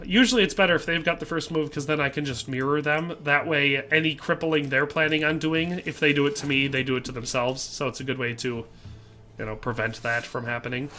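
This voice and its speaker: A man's voice: a little high, bright, forceful tone. A middle-aged man from the American Midwest with a Midwestern accent, chatting casually while playing a game live and reading chat aloud. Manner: chatty, reads chat aloud, frequent fillers. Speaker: streamer. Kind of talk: casual live gameplay commentary.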